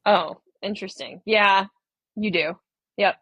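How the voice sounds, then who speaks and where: A woman with a light Southern American accent and a husky voice, chatting casually as a podcast co-host. She answers quickly, teases her co-host and laughs often, recorded dry and close with no room sound. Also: medium pitch, fairly bright tone, dry recording, muffled recording. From Southern United States. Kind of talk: casual chat.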